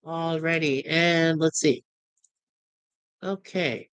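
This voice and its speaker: A woman's voice: low voice, steady tone, slow pace, smooth, no echo. A woman giving a casual, rambling spoken review of TV episodes, with chatty asides.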